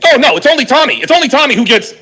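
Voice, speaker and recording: A man with a strikingly high voice delivers heated reaction commentary on a live stream. His tone is bright and cutting, and he sounds exasperated and profane as he argues back at his viewers' comments. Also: rapid-fire, husky. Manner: animated, exasperated, profane, reads chat aloud.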